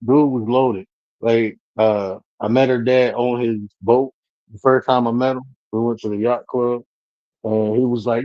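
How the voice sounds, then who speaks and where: A man's voice: mid-range voice, steady tone, a little slow, no echo, muffled recording. A man telling a profane, slang-heavy story in casual talk on a live panel stream.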